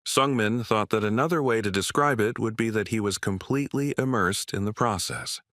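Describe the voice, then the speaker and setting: Male recap narrator, low register, steady scripted delivery, dry booth sound. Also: normal speed, dry recording.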